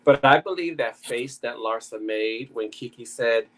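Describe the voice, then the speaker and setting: A man's voice: medium pitch, a little slow, a bit bright, rough recording. A man co-hosting a podcast, giving frank, opinionated takes on a reality TV episode in casual talk. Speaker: podcast co-host.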